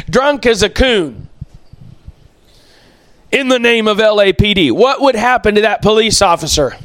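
A man's voice: high voice, a bit bright, clean tone, no echo. A man preaching a sermon as pastor, emphatic, repeating phrases for stress.

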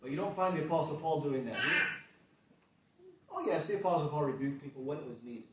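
A man preaching a sermon as a pastor, earnest, moving between quiet asides and forceful emphasis. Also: on the high side, fairly quick, very noisy. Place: church. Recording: echoey church hall, mic at a distance.

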